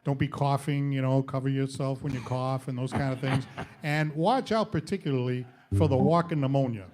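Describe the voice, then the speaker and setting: A man's voice: medium pitch, moderate pace, darkish tone. A man hosting a live variety show, delivering a comedy monologue and laughing at his own jokes. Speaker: host. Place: studio stage with audience.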